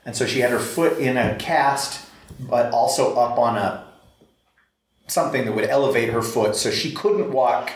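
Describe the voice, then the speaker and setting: A man in casual chat who tells stories in an animated way, stammering and restarting his sentences often. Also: medium pitch, moderate pace. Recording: echoey room, faint background noise.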